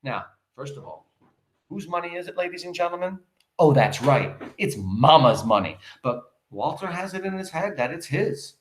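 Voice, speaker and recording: A male teacher reading a play aloud and breaking off into animated, emphatic explanations for his class. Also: a little high, normal speed, echoey room, a little hiss or hum. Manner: animated, emphatic asides to students.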